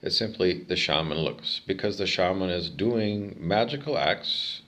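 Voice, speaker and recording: A man's voice: sits low, expressive, measured pace, a bit bright. Rambling Canadian man in his fifties. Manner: digressive, opinionated, with many fillers. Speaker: vlogger. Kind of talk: rambling solo monologue.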